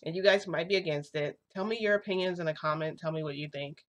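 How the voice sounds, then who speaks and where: A young woman with a low-pitched voice recounts a story in a casual vlog. She chats easily and slips into quoting the other people in the story as she goes. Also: quick pace. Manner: chatty, acts out quotes of others in dialogue. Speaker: vlogger telling a reality-shifting story.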